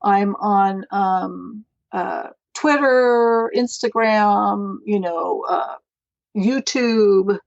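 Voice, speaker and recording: A woman's voice: mid-range voice, very slow, gravelly, no echo, lo-fi sound. A middle-aged woman, a guest on a podcast, telling stories in a chatty, rambling way. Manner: chatty, rambling, warm storytelling with laughs. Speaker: guest, mental health advocate. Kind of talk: casual interview chat.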